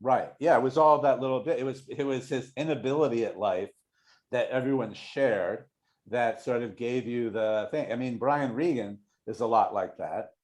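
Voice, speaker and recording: A middle-aged man tells casual show-business stories as a podcast guest. He talks in a rambling, stop-start way and breaks into quick put-on voices when he quotes someone. His voice sits at an ordinary middle pitch. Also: darkish tone. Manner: rambling, many restarts, acts out quoted voices. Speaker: guest, longtime showrunner. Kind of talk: casual anecdotal storytelling.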